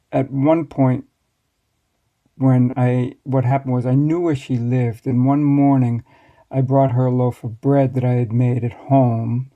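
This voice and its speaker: An American man in his sixties, a master baker, telling stories from his past in a relaxed, wry way as an interview guest. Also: medium pitch, narrow, tinny audio. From United States. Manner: relaxed, reflective, wry storytelling. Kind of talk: storytelling interview answers.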